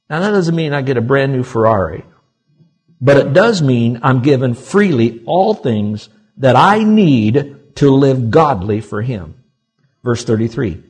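Husky-voiced man preaching a sermon. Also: medium pitch, unhurried. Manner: animated preaching, swinging from soft asides to loud emphatic peaks. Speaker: pastor. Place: church before a congregation.

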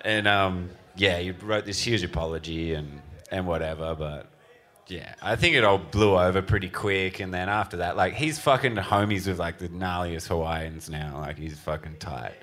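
Laid-back lower-voiced man. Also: normal speed, fairly bright tone. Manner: laid-back, profane, laughs often. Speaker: guest surfer. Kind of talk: casual chat.

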